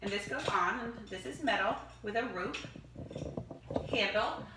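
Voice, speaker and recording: A woman's voice: medium pitch, measured pace. A woman chatting enthusiastically as she shows off home decor products one by one. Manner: enthusiastic, chatty, gushing over items. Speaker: product demonstrator. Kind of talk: casual product showcase. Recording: echoey room, distant mic, noisy.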